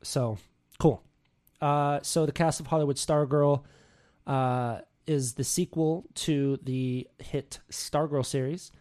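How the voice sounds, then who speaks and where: A man's voice: fairly high pitch, steady tone, slow pace, darkish tone. A young man hosting a news podcast alone from his office, rambling casually and tripping over names with self-mocking humor. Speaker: podcast co-host. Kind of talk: solo news podcast chat. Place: home office.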